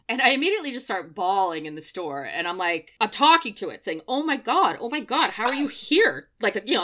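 A woman hosting a podcast, telling a personal story in a casual, profane, animated way with laughs. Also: on the low side. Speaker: podcast host.

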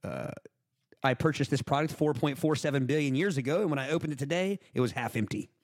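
A man reads joke reviews to his friends in a deadpan voice. The sound is dry and close, with no room around it. It is casual group talk. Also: mid-range voice, fast talker, no echo. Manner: deadpan reading, breaks into laughter. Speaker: host reading funny product reviews. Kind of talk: casual group chat, reading aloud.

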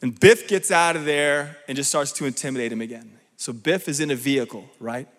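A man preaching a sermon, animated and often checking in with the crowd. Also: medium pitch, a little fast. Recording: long hall reverb.

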